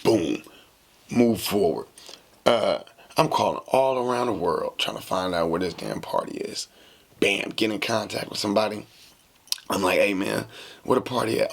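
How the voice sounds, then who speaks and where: A man hosting a podcast, telling a casual story in a slangy, animated way and acting out the dialogue. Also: on the low side, moderate pace, gravelly. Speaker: podcast host.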